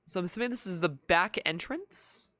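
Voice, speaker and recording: Bright, lively-voiced streamer thinking aloud. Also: medium pitch, moderate pace, no echo. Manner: thinking aloud, with frequent stammered restarts. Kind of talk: casual live-stream commentary.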